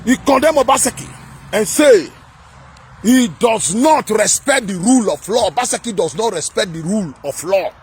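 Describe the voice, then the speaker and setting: A man with a Nigerian accent, from Edo State, delivering a heated political rant to camera, shouting at times and repeating himself for emphasis. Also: sits high, lively intonation, normal speed, breathy edge. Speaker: political commentator.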